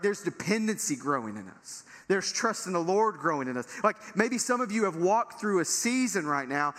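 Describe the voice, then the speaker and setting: Man, pastor, sermon, high bright voice, conversational to emphatic, big reverberant hall. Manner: conversational preaching, rising to emphatic. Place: large church hall. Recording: long reverb of a large hall.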